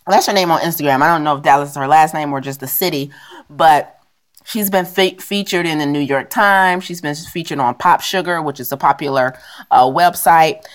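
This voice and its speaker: A woman co-hosting a podcast in casual chat, animated and laughing often as she retells stories. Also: deep voice, moderate pace. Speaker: podcast co-host.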